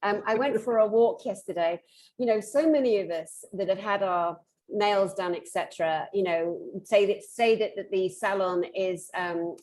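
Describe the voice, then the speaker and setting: A woman's voice: mid-range voice, darkish tone. A woman hosting a casual interview over a video call, effusive and enthusiastic. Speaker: host.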